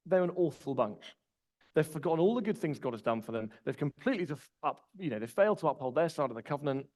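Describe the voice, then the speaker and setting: A man's voice: a little high, quick pace, rough recording. A man, preaching a conversational sermon with personal stories. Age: 20s. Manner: relaxed storytelling, personal anecdotes.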